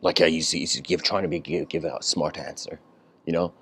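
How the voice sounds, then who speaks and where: A man giving an informal lecture, telling a story with many fillers and frequent throat clearing. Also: rumbling low, fairly even intonation, moderate pace, a bit bright.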